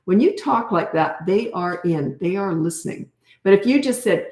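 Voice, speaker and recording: A woman's voice: mid-range voice, brisk, warm tone, echoey room. An older woman coaching parents in a casual live Q&A, talking directly with plenty of fillers. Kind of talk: live Q&A, reading and answering comments.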